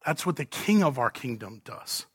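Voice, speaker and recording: A man preaching an expository sermon, asking rhetorical questions and swinging between loud emphasis and hushed lines. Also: medium pitch, very animated, normal speed, breathy edge, no echo, clean studio sound. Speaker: pastor.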